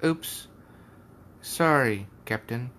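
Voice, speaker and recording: A man's voice: mid-range voice, lively intonation, extremely slow, a bit bright, a little hiss or hum. A man reading the lines of a flustered young woman shapeshifter from a comic, apologetic and dutiful.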